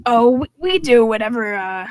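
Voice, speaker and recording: A woman's voice: fairly high pitch, animated, normal speed, no room sound, lightly acted, poor audio. A woman voicing a cagey female traveler just off a ship, answering hesitantly and evasively with stammers.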